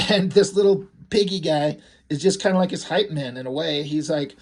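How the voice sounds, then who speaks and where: A man's voice: a little high, moderate pace, a little mellow. A man casually reviewing a comic book, rambling and amused, with many fillers.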